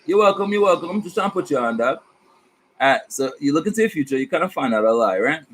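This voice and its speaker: On his vlog, a male tarot reader chats casually about spirit guides, rambling and animated, full of slang and swearing. He speaks quickly at a medium pitch, and the rough recording carries a bit of hiss or hum.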